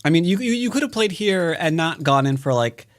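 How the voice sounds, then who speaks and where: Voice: mid-range voice, lively intonation, fairly quick. An American streamer giving casual, playful commentary over a board game, muttering and humming along. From United States. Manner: playful, muttering, hums to themself.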